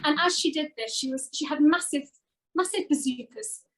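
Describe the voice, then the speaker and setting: Female talk show co-host, high voice, lively storyteller. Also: moderate pace, slight background noise, poor audio. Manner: animated storytelling. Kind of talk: casual talk show chat.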